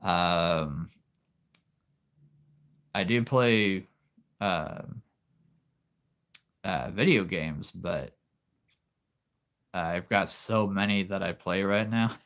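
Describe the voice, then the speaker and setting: A man in his thirties chatting casually as host of a livestream, rambling and halting and laughing often. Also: deep voice, a bit bright. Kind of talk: casual live-stream chat.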